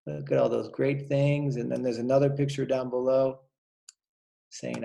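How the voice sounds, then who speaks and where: Gravelly-voiced male kindergarten teacher reading aloud. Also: mid-range voice, steady tone. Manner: gentle, pausing to point out pictures. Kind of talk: reading a picture book aloud to children.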